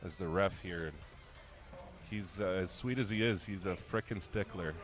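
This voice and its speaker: Low male color commentator, casual banter, music playing in the gym. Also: normal speed. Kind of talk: live sports commentary. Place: strength competition gym.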